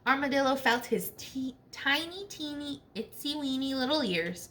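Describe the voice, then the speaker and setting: A woman teacher reading a storybook aloud to children, expressive and checking in with questions. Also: sits high, normal speed.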